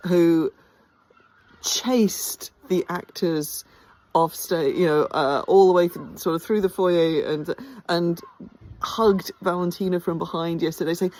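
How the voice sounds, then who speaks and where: A woman with a low voice talks casually to camera in a behind-the-scenes vlog. She sounds tired but happy and keeps stopping and restarting. Her chat is eager and full of fillers. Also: steady tone, slow, darkish tone. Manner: chatty, enthusiastic, many ums and restarts. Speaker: theatre company director. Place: outdoors by a house.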